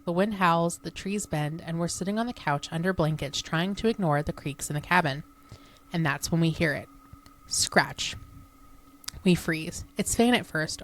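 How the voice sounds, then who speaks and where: A woman with a slightly low voice tells a ghost story as a podcast co-host. She keeps it hushed and suspenseful, slowing down to build dread. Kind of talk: reading spooky stories aloud.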